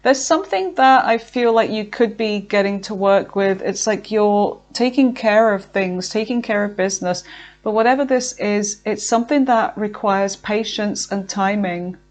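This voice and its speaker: A woman giving a casual tarot reading, chatty and filled with fillers, talking to herself as she pulls cards and sometimes slowing down to draw out her words. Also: mid-range voice. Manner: chatty, with frequent fillers and self-talk. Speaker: tarot reader.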